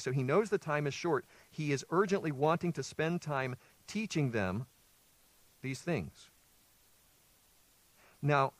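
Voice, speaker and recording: A male pastor preaching a sermon. He reads scripture aloud, explains it, and puts questions to the listeners before answering them himself. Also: medium pitch.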